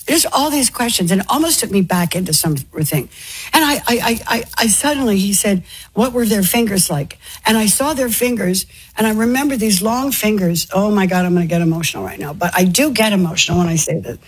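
A woman tells a personal story in a breathy, slightly husky voice. She speaks earnestly, often stumbling and restarting as she goes, and she is visibly moved by her own account. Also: medium pitch. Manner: earnest, emotional, halting with many restarts. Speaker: interview guest.

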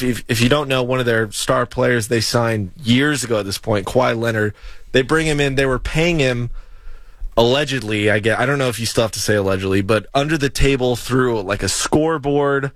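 Halting, teasing man. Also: medium pitch, a bit bright, no echo. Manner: halting, restarts often, teasing. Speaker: podcast co-host. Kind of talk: casual sports chat.

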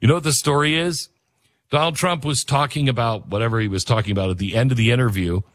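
Talk radio guy, kinda husky, rambly and jokey, dry close mic. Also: medium pitch, fast talker, no room sound. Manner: rambling, self-mocking, animated rants. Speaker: radio talk show host. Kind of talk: talk radio host reading live ads and ranting.

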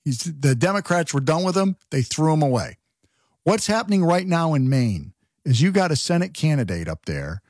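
Radio talk guy ranting, lively up and down voice, kinda high, dry sound. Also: moderate pace, no echo. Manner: animated, rhetorical questions, opinionated. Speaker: radio talk show host. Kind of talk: political talk radio monologue.

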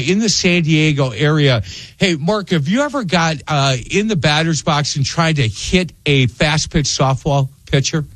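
A man's voice: on the high side, no echo. A middle-aged man hosting a radio interview show, telling stories animatedly. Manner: animated storyteller, acts out voices in anecdotes.

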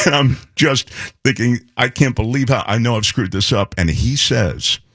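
A middle-aged man co-hosting a radio show, telling a story in a lively way and acting out the voices of the people in it. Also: mid-range voice, normal speed, husky, dry recording, studio quality. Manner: animated storyteller, acts out voices. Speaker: radio co-host. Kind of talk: casual chat, anecdote telling.

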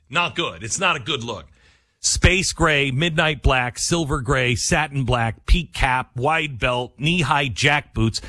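A man's voice: mid-range voice, expressive, slow, sharp tone, no room sound. A male host giving a sarcastic, rambling political commentary monologue, full of restarts and asides.

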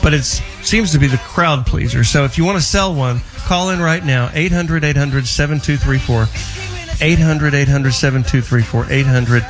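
Playful radio host over music. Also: male voice, fairly high pitch, normal speed. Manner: playful, rattles off call-in number sing-song. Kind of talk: talk radio hosting.

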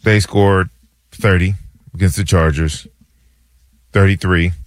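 A man co-hosting a sports radio show in a studio, talking football in a laid-back, halting way with casual slang. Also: low-pitched, fairly even intonation. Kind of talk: sports talk radio chat.

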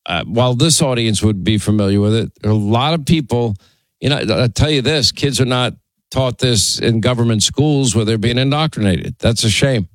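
A man's voice: medium pitch, normal speed, dry recording. A man hosting a talk radio show, chatting casually with fillers and asides. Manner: conversational, musing, frequent fillers. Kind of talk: casual radio banter and call-taking. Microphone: studio microphone.

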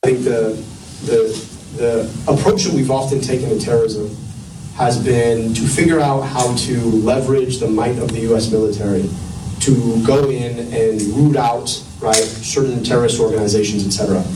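A man's voice: medium pitch, steady tone, normal speed. A man in politics who once worked in medicine, speaking earnestly and searching for words as he thinks. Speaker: politician, former doctor. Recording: distant, echoey, noisy room.

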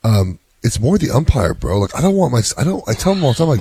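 A man in his thirties, a youth coach and parent, in casual chat, telling lively stories and saying "bro" and "dude" a lot. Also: mid-range voice, quick pace, hardly any pauses, husky, no echo. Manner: animated storyteller, says "bro" and "dude" a lot.

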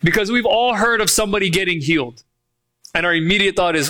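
A man preaching a sermon as pastor, emphatic, asking rhetorical questions and slowing down on key phrases. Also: high-pitched, pushed and bright.

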